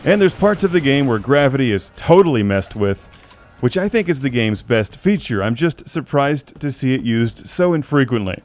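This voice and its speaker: A man's voice: mid-range voice, expressive, normal speed, a little mellow, faint music behind. Man giving a wry, scripted game review. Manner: wry, with dry joking asides.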